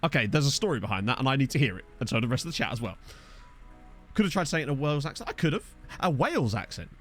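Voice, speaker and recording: A man's voice: mid-range voice, very animated, very fast, fairly bright tone, faint music behind. A man chatting casually on a game live stream, rambling and joking while he reads out messages from his chat. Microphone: desk microphone.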